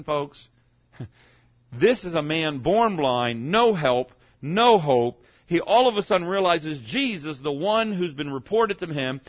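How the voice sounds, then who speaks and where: Male preacher, animated delivery with big loud-soft swings, mid voice, slightly muffled recording. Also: mid-range voice. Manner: animated, swings between loud cries and hushed lines. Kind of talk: sermon.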